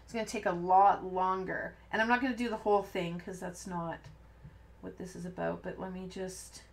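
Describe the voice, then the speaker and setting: This woman speaks at normal speed in a fairly low, creaky voice with fairly even intonation. Hosting a card-making live stream, she rambles chattily as she works, interrupts her own sentences, and laughs off her slip-ups.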